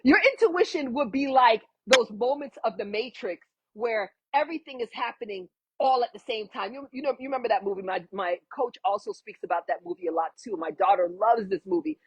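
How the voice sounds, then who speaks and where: A woman's voice: fairly high pitch, lively intonation, brisk, hardly any pauses, slightly rough, dry recording, highs cut off. A woman teaching a yoga lesson, talking emphatically and with sass while she massages and foam rolls. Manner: emphatic, preachy, sassy teaching. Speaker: yoga instructor. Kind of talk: guided yoga lesson with talk.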